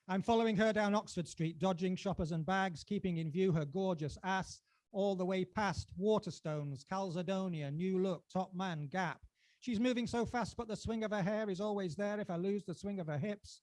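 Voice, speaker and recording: A man from England performing his own poetry at a book launch, impassioned and rising toward shouting, then chatting in a self-deprecating way between poems. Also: high voice, moderate pace, no echo. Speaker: poet.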